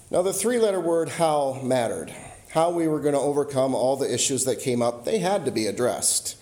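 A man preaching a sermon as a pastor, telling a personal story and slowing and softening his voice on key lines. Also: medium pitch, lively intonation. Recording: roomy echo.

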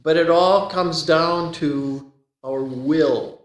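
A man giving a sermon, telling a gentle joke and then teaching, often repeating a word as he begins a sentence. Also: a little high, a little slow. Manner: folksy joke-telling, repeats words when starting sentences. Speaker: preacher. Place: church. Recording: echoey church from a distance.

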